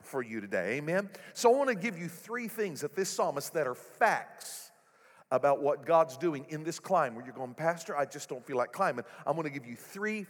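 Male pastor, lively, sermon delivery, slightly raised pitch, echoey sanctuary. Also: normal speed. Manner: animated, rising to loud exclamations. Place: church sanctuary. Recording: echoey hall.

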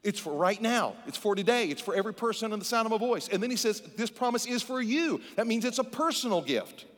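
A male pastor preaching a sermon, firing off rhetorical questions and quick asides. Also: sits high, expressive, a bit bright. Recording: long hall reverb.

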